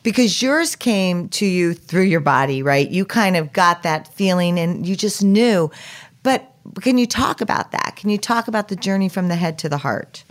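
A woman's voice: on the low side, lively intonation, normal speed. Woman podcast host, attentive and encouraging, asking reflective questions. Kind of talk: interview questions.

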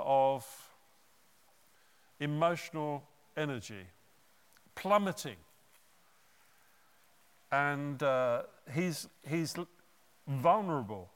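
A man preaching a sermon, retelling a Bible story in an animated way with conversational asides. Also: fairly high pitch, clean tone, long reverb tail.

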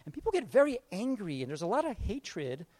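A male pastor preaching a casual sermon, retelling a Bible story and acting out its figures in quick conversational asides. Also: high voice, huge pitch swings, darkish tone.

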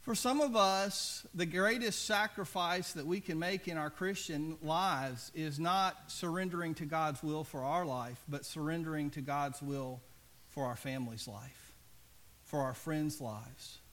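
A man preaching a sermon as pastor, conversational and earnest, often dropping soft and low for emphasis. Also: measured pace.

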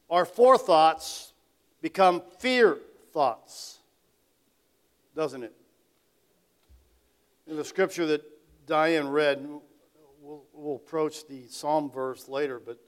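A man with a high voice preaches to his congregation in an easy, talking manner. He keeps turning to the crowd with rhetorical questions, then lets his voice fall to a soft "isn't it?". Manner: conversational, asks the audience rhetorical questions; varies loudness, dropping to quiet tag questions. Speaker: pastor. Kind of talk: sermon.

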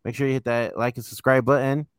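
A man with a smooth, even-toned voice hosts with easy calm, thanking the guests and handing out the sign-offs. The sound is dry and close, with no room in it. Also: medium pitch, fast, dry recording. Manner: laid-back, wraps up the show. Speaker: host. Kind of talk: casual chat.

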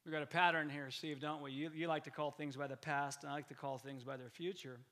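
A man voicing the Lord in a sermon, asking gentle, teasing questions. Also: on the high side, steady tone, quick pace, lightly acted.

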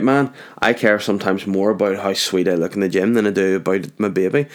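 Low-voiced man rambling through a solo podcast. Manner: jokey, rambling, goes off on tangents. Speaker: podcast host. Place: home garage.

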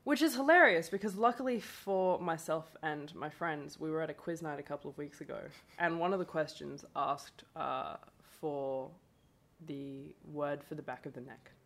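A woman's voice: deep voice, normal speed, a bit bright. A woman from Brazil whose first language is Portuguese, a guest chatting casually on a podcast and laughing often.

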